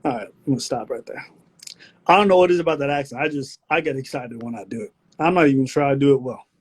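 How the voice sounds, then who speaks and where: Quick, joking man on a live stream. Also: mid-range voice, breathy edge. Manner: quick, joking, playful game-show patter. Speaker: comedian hosting a live stream. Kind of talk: casual live-stream chat. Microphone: phone on a live stream.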